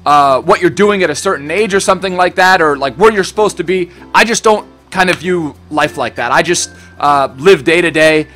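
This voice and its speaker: A young man who hosts a YouTube gaming channel chats loosely to camera in a Q&A, rambling, laid-back, swearing and calling people bro. His voice is on the high side and fairly bright, moving at normal speed with few pauses over soft background music. He was born in Switzerland and raised in Germany and the United States.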